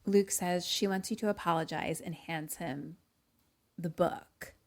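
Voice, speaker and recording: Podcast co-host, female, low register, chatty, profane plot recap. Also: steady tone, a little slow, a little mellow. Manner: chatty, swears, lots of "like". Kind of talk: casual movie recap.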